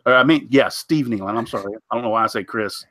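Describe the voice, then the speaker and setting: A man with a cold hosts a casual live stream, his voice sitting at a middle pitch. He rambles through fillers and keeps fumbling names. The sound is dry and close to the mic. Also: quick pace, bright, forceful tone, no echo. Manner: rambling, stumbles over names, frequent fillers. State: congested, recovering from a cold. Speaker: host of a woodworking live show.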